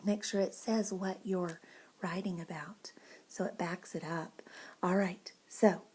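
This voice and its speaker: A woman teacher reading a picture book to young children, expressive and often dropping to a whisper. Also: fairly low pitch, a little slow, breathy edge.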